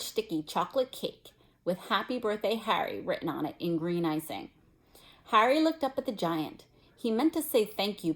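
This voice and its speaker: A woman teacher reading a novel aloud to students, expressive and stopping now and then to explain. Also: lowish voice. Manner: expressive, pauses to explain to listeners.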